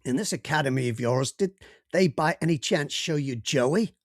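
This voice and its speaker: A man's voice: on the high side, normal speed, dry recording. A man putting on an American accent to voice a dry, laconic human man. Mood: deadpan. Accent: American put-on.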